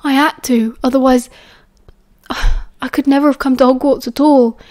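A British woman reading the lines of a tired, calm teenage boy wizard in an audiobook, speaking softly and evenly. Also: high voice, no echo, close to an everyday voice. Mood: pleading. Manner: soft, tired and measured.

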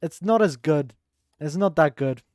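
A man's voice: a little high, animated, measured pace, darkish tone, no echo, clean studio sound. A young adult man streaming live, bantering crudely with his chat, laughing and teasing, with a sore throat.

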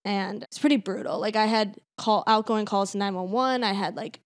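A woman comedian recounts a story as a podcast guest, candid and detailed. Her voice sits in a middle pitch. The sound is close and dry. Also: normal speed, dry recording. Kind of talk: casual podcast chat.

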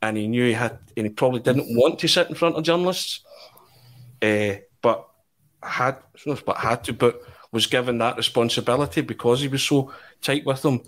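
A man, a journalist, telling an animated anecdote on a podcast, with chuckles along the way. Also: medium pitch, moderate pace. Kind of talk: podcast storytelling.

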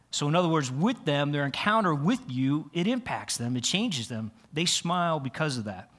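Earnest male pastor with a higher voice. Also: sing-song, normal speed, few pauses, a bit bright. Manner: earnest, repeats words and restarts phrases. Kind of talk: conversational sermon. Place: church sanctuary.

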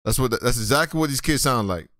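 A man's voice: mid-range voice, expressive, fast, fairly bright tone, a little hiss or hum. A man from the US Virgin Islands streaming a shooter game, trash-talking with profane frustration. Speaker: gaming streamer. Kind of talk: live gameplay commentary.

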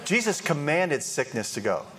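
A man preaching a sermon in a lively, joking way, acting out quoted voices as he goes. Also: fairly high pitch, moderate pace, crowd noise.

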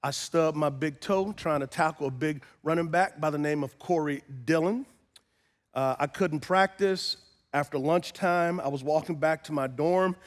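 A middle-aged man, a pastor preaching a sermon, who moves from calm storytelling to loud, impassioned crying out. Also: a little high.

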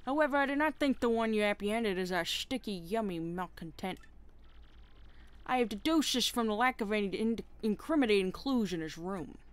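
A woman's voice: medium pitch, lively intonation, normal speed, clear, resonant tone, natural voice. Woman playing a pompous penguin detective. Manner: pompous, formal, theatrical. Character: pompous male penguin detective, self-assured.

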